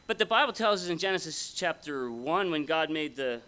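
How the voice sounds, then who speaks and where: Casting: male preacher, somewhat high, bright voice, folksy and conversational. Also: expressive, normal speed, clear, resonant tone. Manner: conversational, folksy, asks the audience questions. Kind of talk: sermon. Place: conference hall before an audience.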